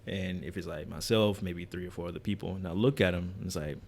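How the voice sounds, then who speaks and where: A man co-hosting a casual chat, explaining things in a calm, easygoing way. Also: low-pitched, fast, gravelly, hardly any pauses, slight background noise.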